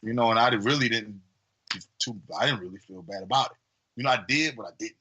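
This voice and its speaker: A man co-hosting a podcast, telling a long story in a casual, rambling way with many fillers and lively acted-out voices. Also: on the low side, a little fast, husky, highs cut off. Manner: animated, acts out quoted voices. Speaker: podcast co-host.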